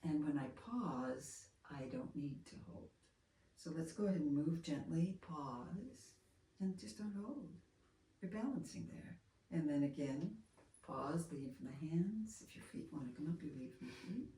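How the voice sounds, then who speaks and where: A woman teaching a hands-on movement lesson, talking in a gentle, soft-spoken, unhurried way. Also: sits low, expressive. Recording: roomy, from far off, faint room noise.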